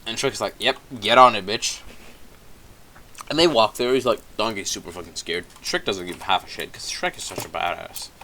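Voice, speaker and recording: A man's voice: lowish voice, big pitch swings, a little fast, creaky, few pauses, fairly bright tone, a little hiss or hum. A young man casually retelling a film plot while gaming, swearing constantly and stumbling over fillers. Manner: profane, offhand, hesitant with many fillers. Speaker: gameplay commentator.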